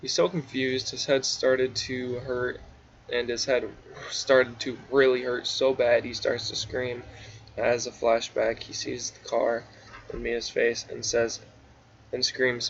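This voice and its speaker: Man, middle-pitched, casually reads his own story aloud, drowsy with asides; dull lo-fi recording. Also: level tone, slow, vocal fry, a bit bright. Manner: offhand, drowsy, stumbles and restarts. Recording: dull lo-fi recording with faint hiss.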